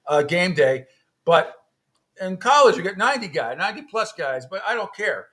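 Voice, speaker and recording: A man's voice: high-pitched, very animated, moderate pace, bright, forceful tone. A man hosting a sports radio show, talking in an opinionated, conversational way and laughing often. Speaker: radio host. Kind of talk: casual sports radio talk.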